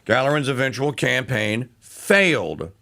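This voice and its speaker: Animated, bright-voiced male radio host. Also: mid-range voice, a little slow. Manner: animated and sarcastic, with frequent restarts and fillers. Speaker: radio talk show host. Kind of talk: talk radio monologue.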